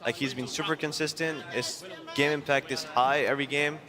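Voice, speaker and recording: A man with a mid-pitched voice talks casually as a panel guest, filling gaps with "like". A loud arena crowd hums behind him. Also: steady tone, normal speed. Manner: casual, filler-heavy with "like". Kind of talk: panel discussion.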